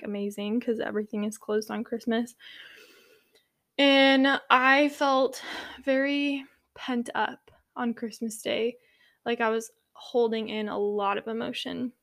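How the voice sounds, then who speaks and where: A young woman from California talks in a casual, rambling way, with fillers and restarts. Her voice sits a little high and she sounds sincere. She is a yoga teacher sharing her own experience. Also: fairly bright tone. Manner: rambling, filler-heavy, earnest. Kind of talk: casual personal storytelling.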